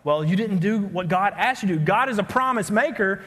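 A man with a high-pitched voice preaching a sermon in a church. He talks in an easy, joking way and keeps checking in with his listeners. His voice rings out with a long reverb through the large hall. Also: expressive, brisk, a bit bright. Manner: conversational and joking, keeps asking "okay?". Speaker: pastor. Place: church sanctuary.

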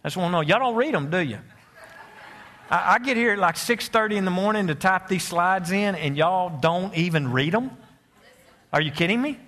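A man's voice: sits high, animated, a bit bright. A man, preaching a sermon as pastor, joking with the congregation and stretching words out for emphasis. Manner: joking asides, preaching cadence with drawn-out emphasis.

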